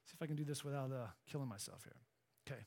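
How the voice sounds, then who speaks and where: A man's voice: medium pitch, rapid-fire, gravelly. A middle-aged male pastor preaching a sermon in a church, telling stories and drawing in his congregation with questions. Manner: lively storytelling preacher, engaging congregation. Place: church sanctuary.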